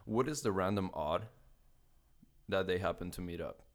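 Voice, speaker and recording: Young man from California with a low voice, casual podcast storyteller who swears a lot and acts out the voices of the people in his story. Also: lively intonation, normal speed. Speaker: guest telling a travel story.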